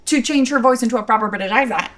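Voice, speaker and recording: A young woman co-hosts a laid-back podcast, her voice fairly high, quick, and slightly bright. She talks excitedly about a TV episode, laughing as she shares fun facts.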